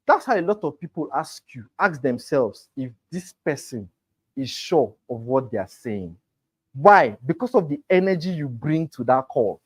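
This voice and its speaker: Speaking at a normal speed, he has a fairly high, sing-song voice with a slight roughness. He trains real estate salespeople and is giving an emphatic, motivational lecture aimed straight at the class.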